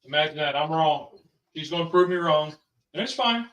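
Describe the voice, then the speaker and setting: A man's voice: a little high, expressive, normal speed, a bit bright. A father hosting a family vlog, chatting casually and rambling with plenty of ums and sos. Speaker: father and channel host. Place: home kitchen. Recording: roomy, from a distance.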